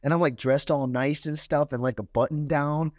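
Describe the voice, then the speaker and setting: A man's voice: on the high side, steady tone, normal speed, no echo. Candid streetwise young man, dry sound. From Cleveland, Ohio. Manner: candid, streetwise, swears freely. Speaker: podcast guest, investor. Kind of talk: casual storytelling.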